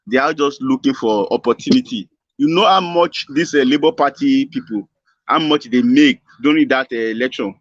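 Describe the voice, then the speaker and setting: A man with a mid-range voice lays out his view calmly in a casual chat. The sound is dry, close and somewhat muffled, lo-fi. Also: medium pitch, normal speed, no room sound.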